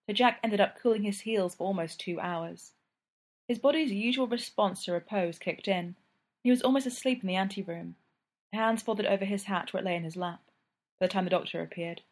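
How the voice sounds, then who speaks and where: A woman calmly reading an audiobook as the narrator. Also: mid-range voice. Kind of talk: scripted narration.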